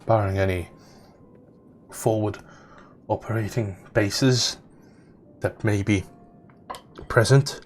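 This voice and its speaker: A man's voice: on the low side, steady tone, slow, pauses often, a little hiss or hum. A man narrating as game master of an online tabletop game in a laid-back, casual way.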